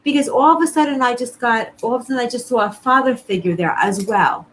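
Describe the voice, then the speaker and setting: A woman's voice: fairly high pitch, fast talker, fairly bright tone, slight background noise, low-quality recording. A woman psychic medium doing a live-streamed reading, talking to viewers in an earnest, reassuring way and often repeating herself.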